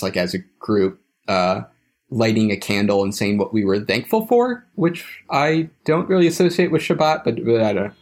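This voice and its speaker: A young man telling a story as a podcast guest, hesitant, with frequent restarts and trailing phrases. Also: mid-range voice. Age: young adult. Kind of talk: casual conversational storytelling.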